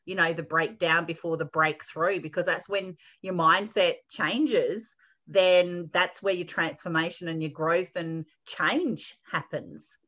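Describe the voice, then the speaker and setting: Woman, radio host, slightly low voice, encouraging, long flowing sentences. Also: fairly even intonation, unhurried, a bit bright. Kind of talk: conversational interview.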